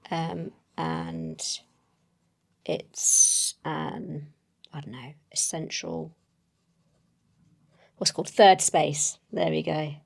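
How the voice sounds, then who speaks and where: A woman's voice: sits low, steady tone, very slow, vocal fry, long pauses. A woman playing a solo tabletop game, thinking aloud as she writes, hesitant and full of self-corrections.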